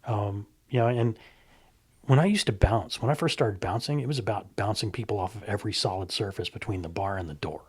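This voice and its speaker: A man's voice: on the low side, fairly quick, slightly rough. A middle-aged man, a stunt coordinator, telling stories in casual conversation and acting out the dialogue. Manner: animated storyteller who acts out quoted dialogue.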